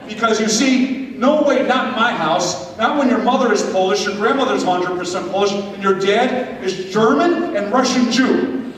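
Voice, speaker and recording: A man telling a story at a confirmation retreat, animated and speaking straight to his listeners. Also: high-pitched, normal speed. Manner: animated, addresses listeners directly. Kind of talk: storytelling talk. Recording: echoey hall from far off with faint noise.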